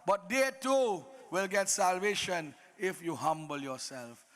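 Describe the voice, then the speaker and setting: A man's voice: high voice, voice pushed down. A man voicing Vibhishan, a younger brother pleading earnestly and solemnly with his king. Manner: earnest, imploring, slow solemn delivery.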